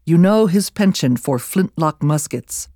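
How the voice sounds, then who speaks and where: A reader plays a calm young Scottish gentleman in a historical audiobook, mild and reassuring in every word. The sound is dry and close, with an ordinary middle pitch. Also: measured pace, no room sound, natural voice.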